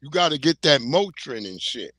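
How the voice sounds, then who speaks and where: A middle-aged man hosts a casual livestream, spinning rambling comic stories full of swearing and easy laughter. His voice sits high and sounds bright and sharp, and the recording is dry and close with no room sound. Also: very animated, moderate pace, no echo. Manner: rambling comic storytelling, profane, laughing often. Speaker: livestream host.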